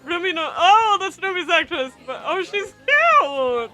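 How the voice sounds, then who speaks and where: A woman's voice: very high voice, big pitch swings, unhurried, pushed and bright, faint music behind. A woman streamer giving gushing live-stream reaction commentary, laughing often between her remarks.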